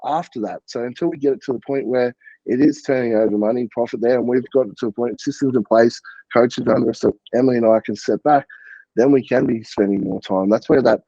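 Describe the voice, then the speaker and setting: A man, a guest on a podcast, explaining things in a thoughtful and steady way. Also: medium pitch, fast talker, gravelly, no room sound, lo-fi sound. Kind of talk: casual podcast chat.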